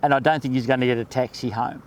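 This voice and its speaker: A man, the regular driver of an event truck, telling stories in a casual, animated way and acting out the voices in them. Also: medium pitch, quick pace. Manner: animated, acts out voices in anecdotes. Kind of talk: casual storytelling interview.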